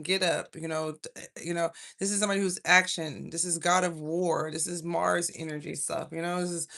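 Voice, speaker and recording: Woman, tarot reader, chatty livestream, rambling, gravelly voice. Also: on the low side, fairly bright tone. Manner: rambling, chatty, self-interrupting. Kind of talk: casual livestream tarot reading.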